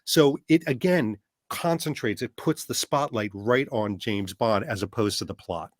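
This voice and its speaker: A man talking as a guest on a podcast, animated and full of rhetorical questions. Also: medium pitch, unhurried, dry recording, clean studio sound. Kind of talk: casual chat.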